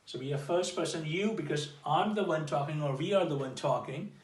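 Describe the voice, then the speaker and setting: A man teaching an informal English grammar lesson, explaining slowly and repeating himself, checking in with "okay?" after nearly every phrase. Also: fairly high pitch, far from the mic. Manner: slow, repetitive explaining with restarts. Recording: echoey room, voice off-mic.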